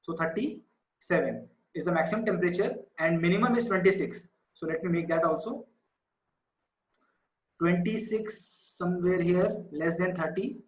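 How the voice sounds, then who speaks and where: A man's voice: high-pitched, moderate pace. A male teacher, patiently explaining a maths lesson to students over a video call. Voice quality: patient, explanatory, repeats key numbers. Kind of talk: online class lesson. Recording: echoey room.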